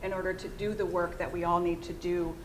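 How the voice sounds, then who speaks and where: A woman's voice: on the low side, little pitch movement, a little fast, slight background noise. American woman presenting to a room. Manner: engaging, addresses the audience with questions. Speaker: fundraising communications consultant. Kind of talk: conference presentation.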